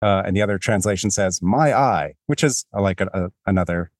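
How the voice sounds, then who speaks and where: Low dry-sounding guy hosting a book podcast, rambly, jokes at his own expense. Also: a little fast, dry recording. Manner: rambling, self-deprecating, many restarts. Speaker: podcast host. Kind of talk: casual book discussion.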